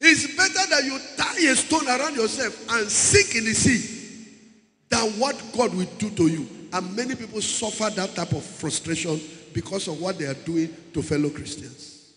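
High, bright-voiced man preaching in a hall. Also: moderate pace, faint music behind. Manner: emphatic, repeats key words, calls out to the congregation. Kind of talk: sermon. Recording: echoey hall with long reverb.

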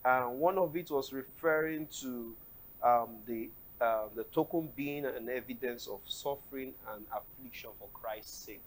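A man's voice: medium pitch, unhurried, poor audio. Man reading viewer questions aloud.

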